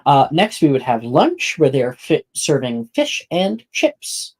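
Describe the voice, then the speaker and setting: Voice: medium pitch, huge pitch swings, unhurried, a little mellow, husky. Casual game master narrating a session. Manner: casual, filler-heavy narration.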